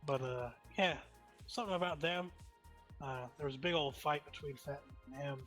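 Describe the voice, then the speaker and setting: Dude in a roleplay, kinda high voice, lots of uhs. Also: male voice, moderate pace, a bit bright, soft background music. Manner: casual, hesitant with fillers. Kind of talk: in-character role-play chat.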